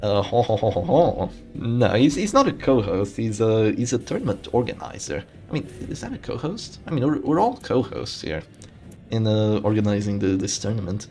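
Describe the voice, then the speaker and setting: Lively, low-voiced man commentating a game stream. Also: moderate pace. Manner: animated, chatty, thinking aloud with frequent restarts. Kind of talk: casual live game commentary.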